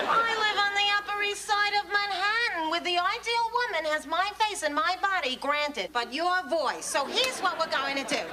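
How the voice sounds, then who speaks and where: An actress playing a brash, man-hungry single woman with a Queens accent, talking loud and excitable in a sitcom. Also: extremely high pitch, very noisy. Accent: Queens New York. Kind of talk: sitcom acting. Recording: sitcom with loud studio audience.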